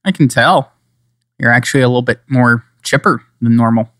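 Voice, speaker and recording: A man's voice: mid-range voice, brisk, a bit bright, dry recording. A man co-hosting a podcast, chatting casually in a mid-range voice. He rambles and jokes, now and then slipping into playful put-on accents. The sound is dry and close to the mic. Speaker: podcast co-host. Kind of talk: casual chat.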